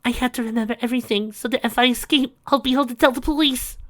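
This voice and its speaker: A man voicing a terrified kidnapped young girl in a high, breathy falsetto, begging. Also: fairly even intonation, fast talker, pushed and bright. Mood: frantic.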